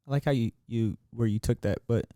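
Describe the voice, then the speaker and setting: Smooth-voiced man in casual podcast chat. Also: mid-range voice, a little fast, mellow, no room sound, studio quality. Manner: rambling, thinks aloud with many fillers. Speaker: podcast co-host.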